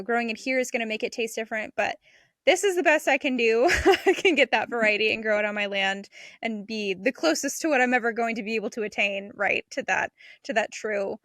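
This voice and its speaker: Bright, chatty homesteading woman. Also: a little high, dry recording, clean studio sound. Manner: chatty and enthusiastic, laughs between thoughts. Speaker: podcast co-host and homesteader. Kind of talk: casual chat.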